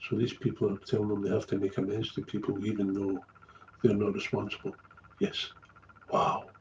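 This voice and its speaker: Gravelly blunt man, storytelling. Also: on the low side, normal speed, warm tone, muffled recording, a little hiss or hum. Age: middle-aged. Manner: blunt, swears freely, trails off and repeats himself. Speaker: recovery sponsor. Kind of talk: candid storytelling monologue.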